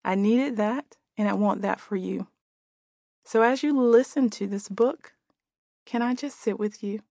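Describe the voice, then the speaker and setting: A woman in her forties narrates her own book in a gentle, reflective tone. Her voice sits at a middle pitch. The recording is dry, with no room sound. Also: a little slow, gravelly, no room sound. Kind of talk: audiobook narration.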